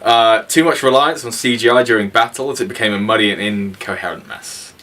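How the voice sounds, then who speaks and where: A man's voice: on the low side, a little fast, a bit bright. A young man co-hosting a casual film review, blunt and opinionated, sweary, laughing often. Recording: voice from a distance.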